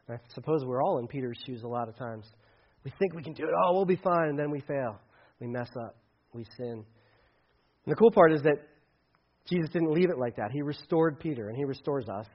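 A male pastor giving a casual, conversational sermon that acts out dialogue with big swings in loudness. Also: mid-range voice, lively intonation, a little fast, husky, dull audio.

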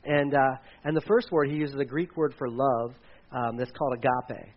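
Muffled casual pastor, forties. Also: male voice, medium pitch, fairly even intonation, normal speed. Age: 40s. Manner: casual, self-deprecating, dad jokes, frequent fillers. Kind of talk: sermon.

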